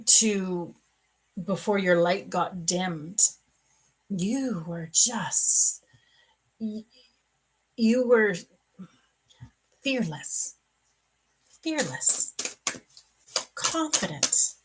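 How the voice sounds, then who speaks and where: A middle-aged woman hosting a live psychic reading, answering viewer questions in a slow, soft-spoken, emotional and earnest way. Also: mid-range voice, husky, rough recording.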